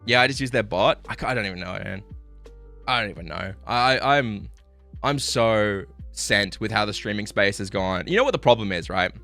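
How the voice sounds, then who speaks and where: A man ranting on a live stream, frustrated and swearing, apologizing, swinging between loud outbursts and low muttering. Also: moderate pace, gravelly, soft background music.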